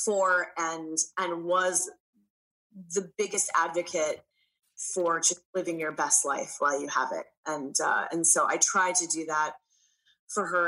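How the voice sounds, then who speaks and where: Earnest woman with a bright, lowish voice. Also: poor audio. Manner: earnest, reflective, hesitant with fillers. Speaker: guest. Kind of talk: casual heartfelt conversation.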